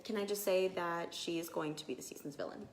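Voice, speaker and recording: A woman co-hosting a casual TV recap chat, playful and quick to joke. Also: fairly low pitch, echoey room, a little hiss or hum. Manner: playful, laughing, quick jokes. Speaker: podcast co-host.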